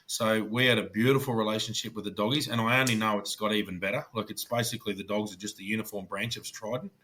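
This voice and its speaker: A low-voiced Australian man holds forth in a relaxed podcast chat. He is blunt and salty, dropping swear words as he tells old police stories and slips into the voices of the people in them. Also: fast, a little hiss or hum. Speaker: podcast co-host, former police officer.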